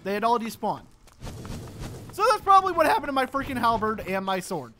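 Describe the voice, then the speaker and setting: Young guy grumbling thru his game, pitch all over the place, bit of hiss. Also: very animated, fairly quick. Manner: exasperated, talks to himself while playing. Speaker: gaming channel host. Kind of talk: gameplay commentary.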